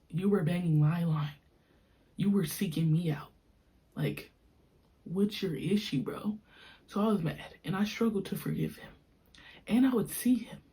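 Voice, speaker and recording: Brief: young female podcast host, mellow lowish voice, animated casual storytelling. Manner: animated, slangy and frank.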